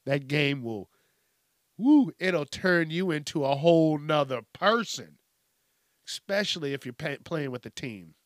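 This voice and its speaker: A man's voice: on the high side, animated, measured pace, dry recording, studio quality. A middle-aged man hosting a podcast, ranting in a profane, rambling way that keeps breaking off mid-sentence. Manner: profane, rambling, self-interrupting. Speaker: podcast host. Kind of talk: casual comedic news rant.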